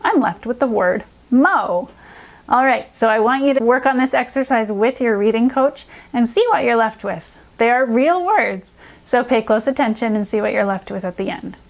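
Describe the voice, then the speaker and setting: A woman reading specialist leading a children's phonics lesson, upbeat and encouraging, stretching out sounds slowly and carefully. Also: on the high side.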